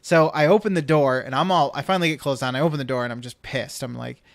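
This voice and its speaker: A man's voice: mid-range voice, fast talker, vocal fry, no room sound. A man hosting a podcast, telling a long rambling anecdote in casual chat and acting out what people said. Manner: rambling storyteller, acts out quotes. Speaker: podcast host.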